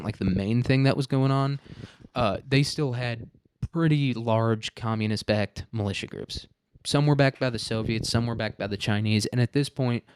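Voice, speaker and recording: A man's voice: medium pitch, a little mellow, clean tone, no room sound. Rambling, profane man hosting a podcast. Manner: rambling, profane, full of restarts and asides. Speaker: history podcast host. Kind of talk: casual history podcast monologue.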